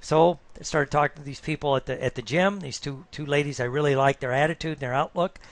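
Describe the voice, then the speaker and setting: A man's voice: on the high side, a little fast, no room sound. A middle-aged man, a coach, telling a rambling story in casual talk and checking in with "right?" as he goes. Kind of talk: casual monologue.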